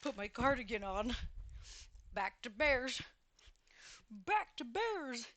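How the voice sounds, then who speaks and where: A woman's voice: a little high, big pitch swings, slow pace, fairly bright tone, no room sound, heavily acted. A woman voicing a pushy pet bear. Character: hungry male pet bear, casual and pushy.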